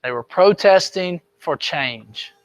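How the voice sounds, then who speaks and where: Male teacher, high-pitched, chatty lecture style, close dry sound. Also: lively intonation, slow pace, dry recording, dull audio. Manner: conversational, checks on students often. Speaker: history teacher. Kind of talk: classroom lecture. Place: classroom.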